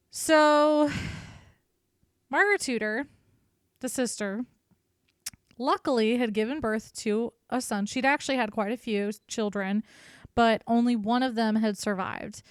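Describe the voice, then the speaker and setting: A woman's voice: a little high, measured pace, smooth, no room sound, studio quality. A woman co-hosting a podcast, telling history in a casual, irreverent way and swearing freely. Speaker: podcast co-host.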